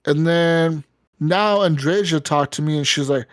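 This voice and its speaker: A man's voice: a little high, measured pace, no echo. A man co-hosting a gaming podcast, swearing freely and telling stories with lots of energy. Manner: profane, animated storytelling. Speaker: podcast co-host. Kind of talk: casual gaming podcast chat.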